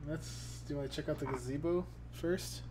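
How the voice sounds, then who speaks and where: A man's voice: on the high side, moderate pace, a little mellow, a little hiss or hum. A man playing a tabletop game, chatty and nervous as a player. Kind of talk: casual game chat.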